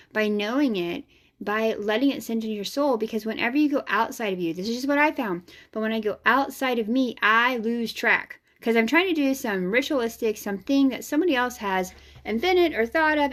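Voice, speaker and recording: A woman with a fairly high voice hosts her own vlog as an energy healer. In casual spiritual talk, she speaks frankly, strongly emphasizes her points and drops the odd swear word.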